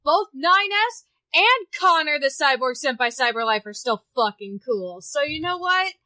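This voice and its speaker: A woman co-hosting a casual chat show with a bright, sharp voice pitched a little high. She is playful and teasing, cursing freely as she jokes with her co-hosts. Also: expressive, normal speed. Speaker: podcast co-host.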